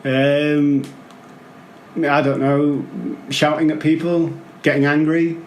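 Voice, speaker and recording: A man's voice: on the high side, flat delivery, takes it slowly, slight background noise. A man co-hosting a casual podcast chat, bantering easily and laughing readily. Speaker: podcast co-host.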